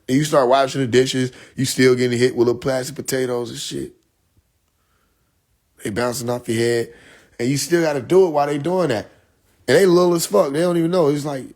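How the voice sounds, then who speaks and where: A man ranting in a casual live-stream monologue, blunt and full of profanity, acting out the people he quotes as he tells a long analogy. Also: mid-range voice. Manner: animated storyteller who acts out the people he quotes; heavy profanity, blunt and exasperated. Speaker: livestreamer.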